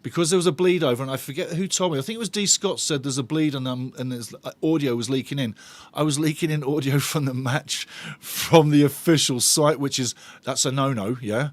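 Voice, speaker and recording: A man's voice: mid-range voice, brisk, no echo. A man hosting a live football watch-along, chatting with viewers in a bantering, sarcastic way. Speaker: host of a football fan watch-along channel.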